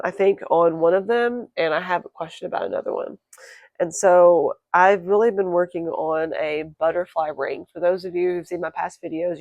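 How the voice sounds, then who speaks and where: A woman crochet vlogger chatting casually to her viewers, quick and self-correcting, her voice croaky today. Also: fairly low pitch, no room sound. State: croaky, clearing throat. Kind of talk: casual chat to camera.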